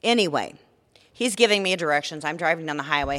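A woman's voice: low voice, normal speed, sharp tone. Profane, blunt middle-aged woman storyteller. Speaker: podcast co-host. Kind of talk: casual storytelling.

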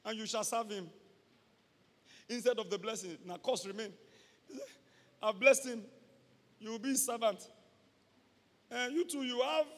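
A man with a Nigerian accent preaching a sermon, acting out scenes and breaking into loud shouts. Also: sits high. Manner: dramatic, acts out scenes, switches to loud shouts. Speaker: pastor. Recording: echoey hall with long reverb.

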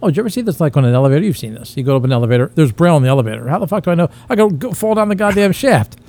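Rambling, profane comedian with a lively voice. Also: male voice, fairly high pitch, very fast. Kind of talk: crude comedic banter.

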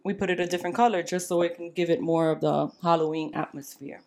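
A young woman co-hosting a podcast, telling a story in an animated, casual way and slipping Spanish phrases into her English. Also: fairly low pitch, fast. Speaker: podcast co-host.

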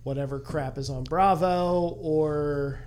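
A man's voice: a little high, steady tone, slow pace, darkish tone. A man co-hosting a podcast in casual chat, rambling and restarting his sentences. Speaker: podcast co-host.

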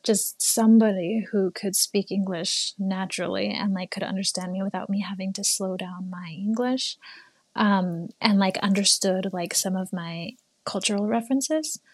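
A young woman in her twenties talks through a personal story in a relaxed interview, full of fillers and little laughs. Her pitch sits in the middle for a woman, and the recording is dry and close with no room sound. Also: moderate pace, husky, dry recording. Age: 20s. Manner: chatty, lots of fillers, laughs while talking. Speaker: guest, former English teacher.

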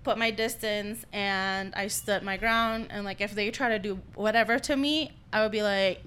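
A woman's voice: mid-range voice, steady tone, normal speed, few pauses, fairly bright tone, a little hiss or hum. A young woman co-hosting a podcast, casually telling a story about a friend and acting out what people said. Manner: storytelling, quotes others in her tales. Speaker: podcast co-host. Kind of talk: casual chat.

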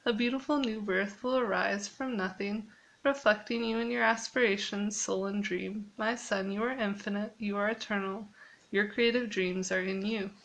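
A woman reading aloud as a calm, patient fatherly creator god who speaks softly. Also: medium pitch, normal speed, vocal fry, poor audio. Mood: gentle.

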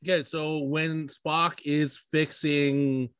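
A man chats excitedly as a podcast co-host, his voice sitting a bit high. He talks loosely with lots of fillers and casual swearing. The sound is close and dry. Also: slow, smooth, dry recording. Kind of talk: casual chat.

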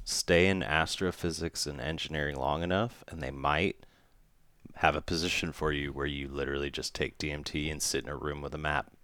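A man's voice: very deep voice, fairly even intonation, brisk, sharp tone, clear, resonant tone, no room sound. A man co-hosting a podcast in casual chat, joking around, laughing often and acting out mock quotes. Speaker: podcast co-host.

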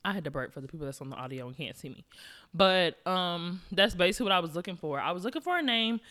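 A woman's voice: fairly low pitch, expressive, fast, a bit bright. Brief: young woman podcast host, loose slangy chat straight to listeners. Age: young adult. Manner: chatty, slangy, addresses listeners directly. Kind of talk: casual solo podcast chat.

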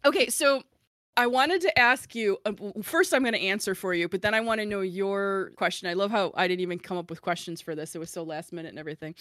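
A woman's voice: medium pitch, fast talker, a bit bright, no room sound, clean studio sound. Rambling, giggly woman podcast host. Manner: rambling, self-deprecating, giggly. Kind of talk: casual chat.

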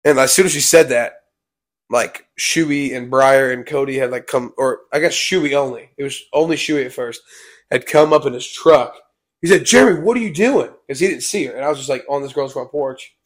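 A man's voice: mid-range voice, fairly even intonation, normal speed. A young man telling a personal story in a casual vlog. He rambles and keeps repeating "I was like.". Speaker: vlog co-host.

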